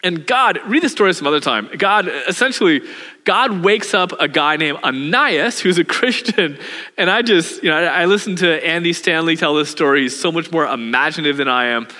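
A man preaching a sermon as pastor, animated and telling the story with humor. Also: fairly high pitch, fairly quick. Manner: animated storytelling, acts out voices with laughs. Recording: hall reverb.

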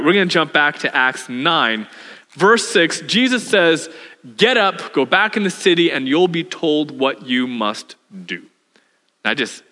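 A man preaching a sermon as pastor, animated and telling the story with humor. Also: on the high side. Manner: animated storytelling, acts out voices with laughs. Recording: hall reverb.

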